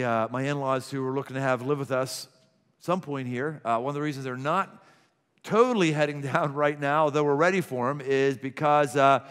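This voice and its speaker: A middle-aged man preaching with a fairly high voice and plenty of animation, jumping into small acted-out scenes with gasps and chuckles. His sermon rings out through a large church hall with a long reverb tail. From Pittsburgh. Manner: animated, acts out little scenes with gasps and laughs. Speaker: pastor.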